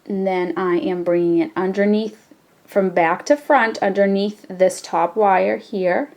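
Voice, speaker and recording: A woman hosting a jewelry-making tutorial, explaining each step in a relaxed, chatty way with frequent fillers. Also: medium pitch, measured pace. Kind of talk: casual step-by-step craft tutorial.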